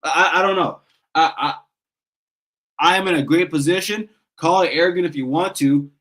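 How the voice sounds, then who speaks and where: A man's voice: on the high side, animated, moderate pace, fairly bright tone, poor audio. A man in his thirties runs a casual sports fan show in a slightly raised voice. He rants with passion, curses freely, and trips over his words as he restarts sentences. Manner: passionate, ranting, swears, stumbles and restarts. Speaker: sports call-in show host.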